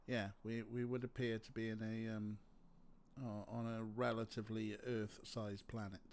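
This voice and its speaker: A man's voice: fairly low pitch, little pitch movement, moderate pace, darkish tone, a little hiss or hum. A man giving rambling, joking commentary while streaming a game. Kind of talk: casual gameplay commentary.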